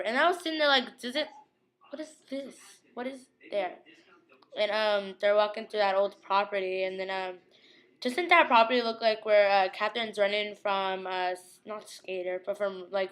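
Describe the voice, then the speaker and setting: A young woman casually recapping a TV episode, gushing, giggling and quoting characters in quick impressions. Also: mid-range voice, fairly bright tone.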